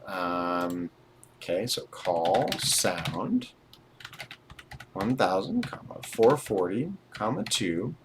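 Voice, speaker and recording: During a live-streamed coding lesson, a low-voiced instructor reads passages from a programming book and then dictates numbers as he types, thinking aloud with dry asides. Keyboard clatter and background noise are audible.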